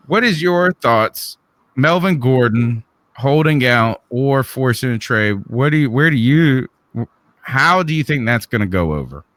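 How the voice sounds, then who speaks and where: Bright-voiced Southern man. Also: medium pitch, expressive, unhurried, dry recording. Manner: conversational, prone to restarts and rhetorical questions. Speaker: podcast co-host. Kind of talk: casual sports talk.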